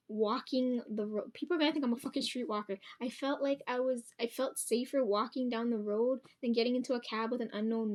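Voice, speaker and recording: A young woman with a hoarse voice tells a rambling, profane personal story at home, with many ums and restarts. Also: a little high, darkish tone. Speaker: vlogger.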